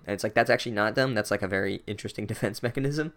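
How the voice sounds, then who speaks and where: A man's voice: lowish voice, very fast, few pauses, fairly bright tone. A man giving a sarcastic, profane chapter recap, full of filler words. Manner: sardonic, profane, filler-heavy. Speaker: book reviewer.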